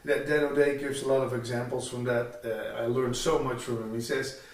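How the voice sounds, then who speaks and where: A man's voice: medium pitch, level tone. A man hosting a casual interview, agreeable, dropping in short replies. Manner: agreeable, quick short backchannels. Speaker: interviewer, host. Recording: echoey room, from a distance.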